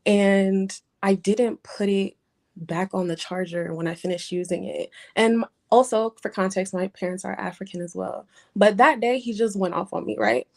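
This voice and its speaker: A woman in her twenties calling in for advice, speaking hesitantly with many pauses and fillers, close to tears. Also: mid-range voice, fairly even intonation, creaky. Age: 20s. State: holding back tears. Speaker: caller seeking advice. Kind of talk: emotional personal call-in.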